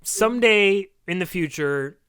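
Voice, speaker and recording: A young man co-hosting a podcast, telling an animated, profane story in casual chat and acting out the other people's lines. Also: sits high, unhurried, smooth, no room sound, clean studio sound. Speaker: podcast co-host.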